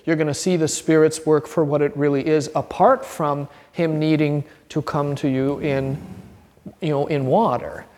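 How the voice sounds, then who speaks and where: A man with a slightly high voice teaches an informal Bible class, earnest and animated. He breaks into little acted-out quotes and restarts his sentences as he goes. The sound rings with a long hall reverb. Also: normal speed.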